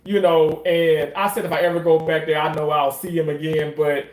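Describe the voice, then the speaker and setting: A man's voice: fairly high pitch, little pitch movement, normal speed, a little mellow, echoey room. A man telling a story in a casual, emphatic way, swearing often and repeating phrases for effect. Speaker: commentator.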